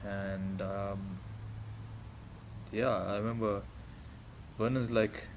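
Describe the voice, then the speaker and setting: South african man, low voice, casual podcast storytelling, faint room hum. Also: slow. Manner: animated, acts out quoted voices with laughter. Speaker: podcast guest.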